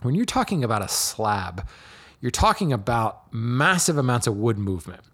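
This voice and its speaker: A man hosting a show, answering listener questions in a relaxed, explanatory way with frequent ums and restarts. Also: medium pitch, moderate pace. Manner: relaxed, many ums and restarts, laughs lightly. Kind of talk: casual explanatory talk.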